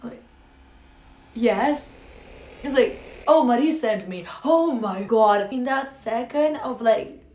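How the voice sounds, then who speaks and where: A woman's voice: fairly high pitch, slow, pauses often. A young woman streamer animatedly telling a funny travel story in casual chat. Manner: animated, laughs through the funny parts. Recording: echoey room with faint music.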